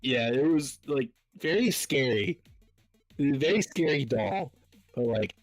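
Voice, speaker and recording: Man, casual podcast host, filler-heavy storytelling, mid pitch, faint music underneath. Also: expressive, slow. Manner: rambling storyteller, lots of fillers and laughs. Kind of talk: casual chat.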